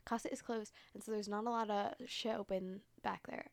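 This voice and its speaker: A woman's voice: medium pitch, fairly even intonation, fairly quick, creaky. A young woman from Arizona hosts a podcast and tells a story in a loose, rambling way. She swears constantly, leans on "like" and "um", and keeps losing her thread before circling back to it. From Arizona, United States. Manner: profane, rambling, filler-heavy. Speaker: podcast host. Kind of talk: casual storytelling chat.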